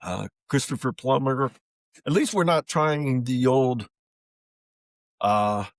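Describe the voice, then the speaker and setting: A man's voice: mid-range voice, animated, slow, no room sound. Matter-of-fact male podcast co-host. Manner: matter-of-fact, reads out facts. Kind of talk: casual chat.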